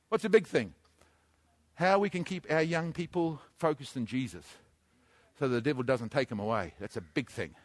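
A male preacher delivering an emphatic sermon, repeating phrases and often shouting. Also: fairly high pitch.

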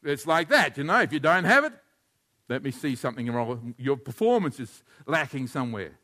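A man preaching a sermon as a pastor, animated and leading his congregation in call-and-response. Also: mid-range voice, moderate pace.

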